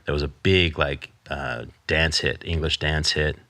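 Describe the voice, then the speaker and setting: A middle-aged man, a podcast guest, telling a personal story in candid conversation and quoting others with lively put-on voices. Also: a bass voice, a little slow, no echo. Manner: storytelling, quotes his father in animated voice.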